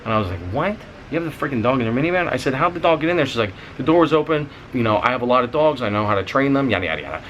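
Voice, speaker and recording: A young man casually telling a story on his vlog, animated, swearing freely and going higher when he gets excited. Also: rapid-fire, slight background noise, poor audio. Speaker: vlogger.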